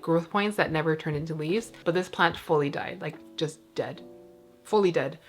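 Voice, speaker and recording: A woman with a slightly low voice talks casually while she works through her plant cabinet at home. She rambles and fills her sentences with "like". Her tone stays easygoing and chatty. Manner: chatty and rambling, full of "like" fillers. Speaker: plant vlogger.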